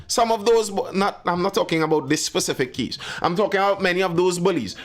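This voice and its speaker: A man's voice: high-pitched, fairly quick, hardly any pauses, fairly bright tone. A man hosting a live stream, giving emphatic commentary and answering viewers in the chat by name. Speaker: live show host.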